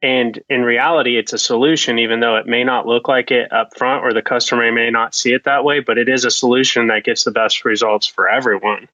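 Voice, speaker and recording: A male co-host with a bright, forward voice at a middle pitch. He sounds earnest as he agrees and explains his thinking in casual chat. The recording is dry and slightly dull. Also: fairly even intonation, fairly quick, few pauses, no room sound. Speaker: podcast co-host, pool company owner. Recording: dull lo-fi podcast audio.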